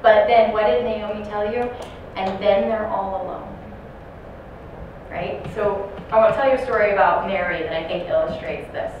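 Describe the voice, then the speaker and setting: A woman's voice: mid-range voice, normal speed, dull audio. A woman giving a training talk to caregivers, telling stories and putting questions to the audience in a large room. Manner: storytelling, asks the audience questions. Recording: echoey room from far off, noisy.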